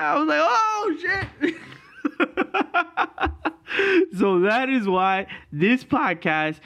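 A man's voice: a little high, fairly bright tone. A man hosting a podcast, telling a story in a casual, profane way and laughing through it. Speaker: podcast host.

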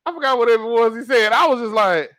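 A man telling a story on a podcast in casual chat, animated, profane and laughing often. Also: extremely high pitch, quick pace, no echo. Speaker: podcast co-host.

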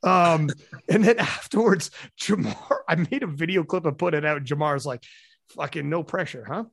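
A man's voice: a little high, moderate pace, gravelly, no echo, studio quality. A man hosting a podcast, telling stories in casual chat with lots of swearing and acted-out quotes. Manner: animated storytelling, swears freely, acts out quotes. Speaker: podcast host.

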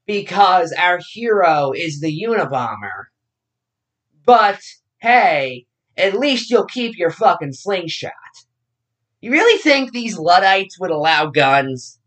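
A man's voice: high-pitched, big pitch swings, slow, fairly bright tone. A man giving blunt, mocking commentary on forum posts. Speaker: online commentator.

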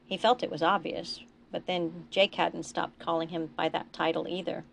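A woman reading her own novella aloud in a steady, plain way. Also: fairly low pitch, moderate pace, vocal fry, slight background noise. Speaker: author reading her fiction.

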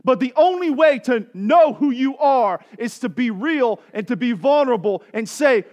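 A male pastor, preaching. His voice sits high for a man. He talks to the congregation like a friend and climbs into fervent, pleading passages. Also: expressive, moderate pace, hardly any pauses, a little mellow. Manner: casual, conversational preaching that swells to impassioned pleading. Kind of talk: sermon.

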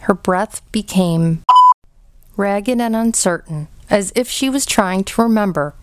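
A woman reading a children's novel aloud in a gentle, measured storybook narration. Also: medium pitch. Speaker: audiobook reader.

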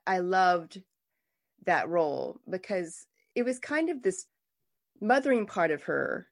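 A woman's voice: lowish voice, big pitch swings, slow pace, vocal fry. Effusive, enthusiastic woman host. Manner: enthusiastic and effusive, with frequent restarts. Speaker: podcast host. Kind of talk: conversational interview.

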